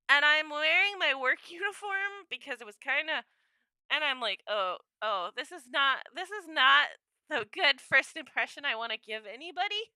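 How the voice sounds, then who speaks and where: A high, very bright young woman's voice that leaps all over its range. She rambles chattily on her home stream, laughing often and acting out her own quotes. The sound is dry and close. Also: dry recording. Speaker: livestreamer. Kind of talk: casual livestream chat. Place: home room.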